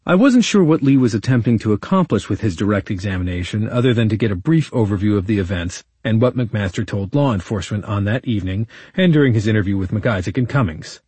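A man narrating his own legal case as a first-person true-crime audiobook, in a measured, indignant storytelling manner. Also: on the low side, animated, mellow, slightly rough, no room sound.

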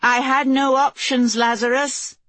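A woman's voice: sits high, little pitch movement, unhurried, fairly bright tone, dry recording, pitched above the performer's own voice. A woman narrating an audiobook and giving the lines of a proud, defiant young queen in a raised, ringing voice.

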